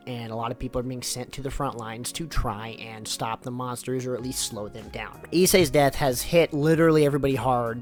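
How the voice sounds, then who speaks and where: A man giving a loose, rambling spoken summary of a story, full of fillers and swearing. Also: medium pitch. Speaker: YouTuber summarizing light novels.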